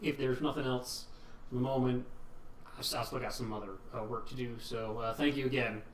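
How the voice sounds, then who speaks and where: A man's voice: medium pitch, fairly even intonation, a little fast. A man running a tabletop game who narrates casually and stumbles over his words. His voice sounds roomy and a little far from the mic, with faint noise behind it. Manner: hesitant, many fillers. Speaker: game master.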